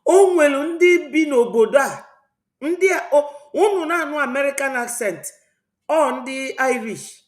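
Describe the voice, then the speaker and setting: A woman's voice: high voice, lively intonation, normal speed. A woman from Southeast Nigeria with an Igbo accent hosts a political commentary vlog, talking in a rambling, preachy way. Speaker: channel host. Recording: roomy echo.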